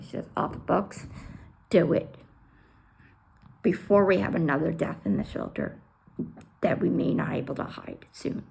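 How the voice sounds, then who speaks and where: A woman telling an emotional personal story bluntly, swearing and acting out the dialogue with sudden loud outbursts. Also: on the low side, normal speed, gravelly, pauses often. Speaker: storyteller sharing her life.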